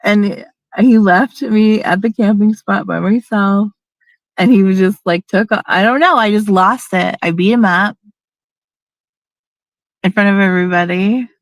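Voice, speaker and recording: A woman's voice: mid-range voice, measured pace, pauses often, no echo. A middle-aged woman telling a personal story in a candid, emphatic, casual way, now and then swearing and acting out what people said.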